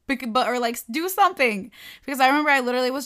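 A young woman, talking high and very fast, animatedly recounts a bad day at work in casual chat. She says "like" a lot and acts out the quotes as she tells the story.

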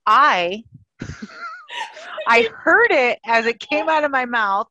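Lively woman chatting, dry muffled sound. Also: high-pitched, very slow, slight background noise. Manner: animated storytelling, acts out her own reactions. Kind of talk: casual chat.

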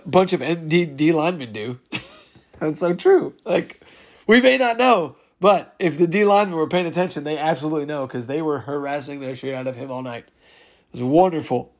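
A man hosting a laid-back solo sports podcast, his voice sitting a little high for a man. He chats loosely as he reads out listener replies, chuckling along with them. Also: moderate pace. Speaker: podcast host. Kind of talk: casual solo podcast chat.

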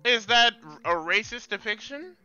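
A man's voice: very high voice, measured pace, clean tone, no room sound, dull audio, faint music behind. A man co-hosting a casual gaming chat stream, arguing his point with lots of swearing. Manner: profane, animated arguing. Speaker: podcast co-host.

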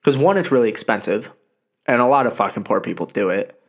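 A young man co-hosting a casual podcast chat, swearing freely and telling stories in an animated way. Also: on the low side, brisk. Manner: profane, animated storytelling. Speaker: podcast co-host.

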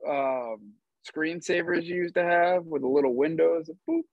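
Slow-talking man with lo-fi sound. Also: on the high side, no room sound. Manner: playful, jokey. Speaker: podcast co-host. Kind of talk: casual chat.

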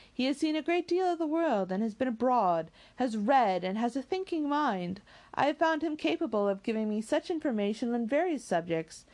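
A woman voicing a calm, sensible young woman who speaks softly and reasons carefully. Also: on the high side, lightly acted. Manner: measured, soft, reasoning.

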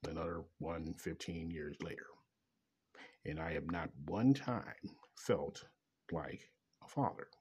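A middle-aged man with a very low, husky voice rants in a rambling personal monologue. His talk is bitter and laced with profanity. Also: animated, takes it slowly, a little mellow. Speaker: father venting about child support.

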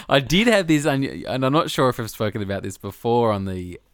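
A man's voice: medium pitch, animated, normal speed, dry recording. A man in his thirties with an Australian accent, co-hosting a podcast in a joking, laid-back way. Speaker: podcast co-host. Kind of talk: casual chat.

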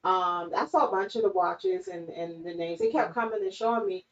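A woman chatting casually on a podcast, playful and expressive. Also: medium pitch, moderate pace, creaky. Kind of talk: casual banter. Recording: echoey, distant, muffled.

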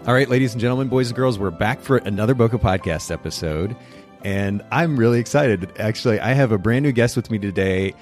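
A man's voice: fairly low pitch, fairly quick, soft background music. A middle-aged man hosting a podcast interview in a chatty, upbeat way, often restarting his phrases. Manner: upbeat, chatty, self-correcting. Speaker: podcast host.

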